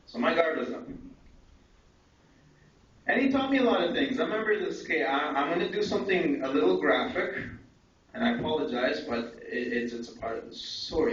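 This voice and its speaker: A man's voice: fairly high pitch, a little fast. Young guy telling his life story at a conference, super echoey hall, mic far off. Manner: candid, animated storytelling with asides to the crowd. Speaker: conference speaker. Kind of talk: personal story told to an audience. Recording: echoey hall from far off, dull and faintly noisy.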